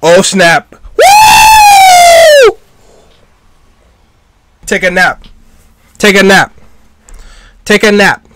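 A man reacting live to an anime, exclaiming and shouting at the screen. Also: high-pitched, steady tone, slow pace, long pauses, a little hiss or hum.

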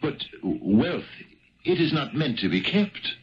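An eager poor Irish husband pleads with a stammer, his pitch swooping wildly up and down. A 1970s radio play with a dull, lo-fi broadcast sound. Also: big pitch swings, takes it slowly, slight background noise. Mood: pleading. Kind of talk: 1970s radio drama acting.

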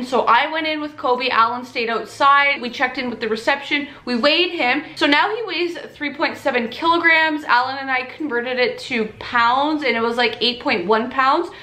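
Chatty young woman, high voice. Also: sharp tone. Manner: chatty, talks in baby talk to a puppy. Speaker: vlogger. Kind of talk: casual home vlog. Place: home, indoors. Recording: echoey room.

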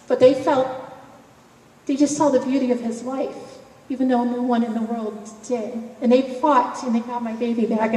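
A woman's voice: sits high, mellow. A woman giving a personal testimony at an event, emotional and conversational, often laughing between phrases. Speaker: speaker sharing a personal story. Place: event hall. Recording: echoey hall, voice from far off, faint noise.

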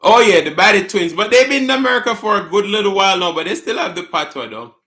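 A man's voice: sits high, expressive, fast, bright, forceful tone. A man with a Jamaican accent hosting a casual live stream, reading viewer comments aloud, answering them and laughing often.

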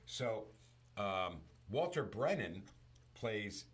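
Very deep-voiced man in casual chat. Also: drawn-out words. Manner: storytelling, animated retelling.

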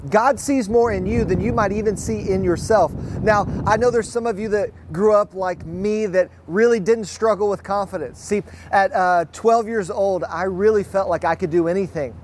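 A pastor from Fort Worth, Texas, with a highish voice, preaches a sermon full of personal stories during an online church service, telling them with liveliness and acting out the quotes. There's a little hiss or hum.

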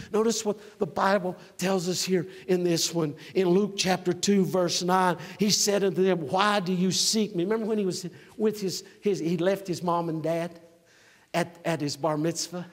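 A man in his sixties preaching a sermon, swinging from near-shouts to quiet asides. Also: high-pitched, long reverb tail. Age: 60s. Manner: emphatic, rising to near-shouts then dropping to a conversational aside. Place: church.

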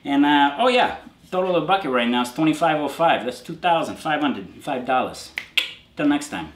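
A man's voice: on the high side, animated, moderate pace, echoey room, noisy background. A man hosting a show, reading names aloud in a casual comedic roll call and riffing crude jokes on each one. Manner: jokey, riffs on names, crude asides. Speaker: show host reading out donors.

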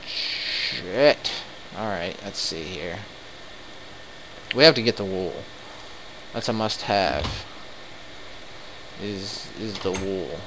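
A man commenting live on his game, excitable and quick to swear in frustrated outbursts. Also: deep voice, noisy background. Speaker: let's play gamer.

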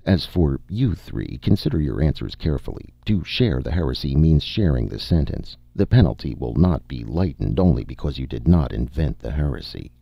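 A man's voice: very deep voice, very animated, moderate pace, creaky, hardly any pauses, no room sound, full character voice. A man voicing a cold, stern male tribal judge delivering solemn pronouncements in an audiobook. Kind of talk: audiobook character voice. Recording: dull, dry audiobook recording.

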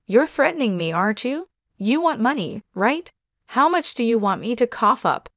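A woman voicing an arrogant adult brother who hurls insults and shouts at his sister. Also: on the high side, very animated, moderate pace, dry recording, studio quality. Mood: sneering.

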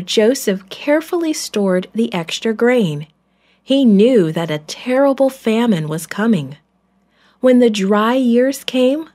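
Woman reading a kids' bible story, slow and clear, patient storyteller. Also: medium pitch, darkish tone. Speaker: narrator. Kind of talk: children's Bible story narration.

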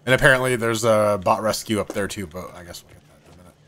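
A man streaming a co-op game, calmly narrating objectives and chatting with a teammate. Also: lowish voice, quick pace. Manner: relaxed, narrates objectives aloud. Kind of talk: casual co-op gaming chat.

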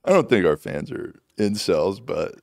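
A man's voice: low voice, very animated, a little slow, vocal fry, a little mellow, no room sound. A man guesting on a studio podcast, chatting along in a laid-back, agreeable way. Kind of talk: casual chat.

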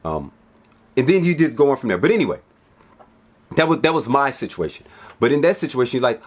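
Lively slangy man coaching on sales. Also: on the high side, a little fast. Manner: talkative, acts out both sides of sales talks; slangy, swears, lots of "right?". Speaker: business coach. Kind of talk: casual teaching monologue.

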